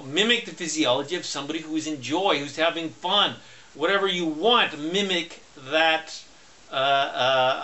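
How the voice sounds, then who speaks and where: A man giving a motivational self-help talk, speaking loud and emphatic and slowing down to stress key points. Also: fairly high pitch.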